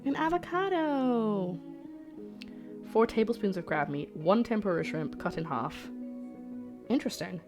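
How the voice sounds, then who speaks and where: Over music, a woman with a fairly low, animated voice speaks at a moderate pace. While cooking, she jokes casually with her livestream chat and pokes fun at herself; she lives in Scotland.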